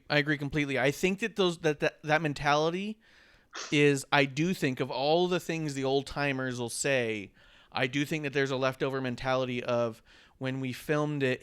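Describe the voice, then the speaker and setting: A man hosting a casual wrestling podcast, animated and swearing freely, often mocking himself. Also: medium pitch, smooth. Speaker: podcast host.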